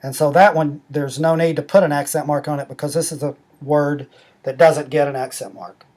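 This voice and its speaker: A middle-aged man walking through a language-learning app step by step, explaining rules slowly and methodically. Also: a little high, steady tone, darkish tone. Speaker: app demonstrator. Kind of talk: screen-recorded app tutorial.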